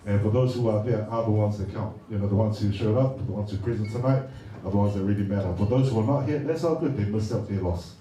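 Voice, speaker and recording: A man's voice: lowish voice, fast, hardly any pauses, warm tone. A middle-aged man from Samoa gives a casual, joking speech at a birthday party, hesitant and full of fillers. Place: large party hall. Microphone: handheld mic. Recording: echoey hall from far off, noisy.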